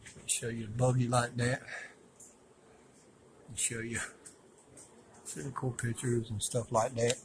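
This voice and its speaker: A man narrating casually as he films his walk through a museum, rambling and folksy and quick to complain. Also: medium pitch, level tone, noisy background. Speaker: vlogger touring a museum. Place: indoor museum.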